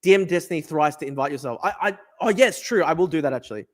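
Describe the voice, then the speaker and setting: A young man hosts a livestream from his desk, talking in a rambling, swearing, fired-up rush. His speech comes quick and pressing. His voice sits a little high for a man. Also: lively intonation. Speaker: livestream host. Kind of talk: casual livestream talk reading chat. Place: at a desk at home. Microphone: desk camera mic.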